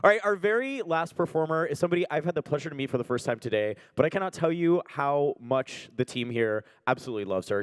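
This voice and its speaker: A man hosts a comedy show, introducing comedians and making self-mocking jokes between acts. His slightly high voice swings widely up and down as he talks. The sound is close and dry. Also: clear, resonant tone, dry recording. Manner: self-mocking, joking, up-and-down delivery. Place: comedy venue on stage.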